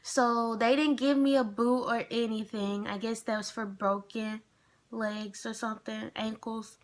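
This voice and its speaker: A woman's voice: on the high side, fairly even intonation, measured pace. A young adult woman telling a casual storytime vlog, chatty and rambling with lots of fillers. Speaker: vlogger.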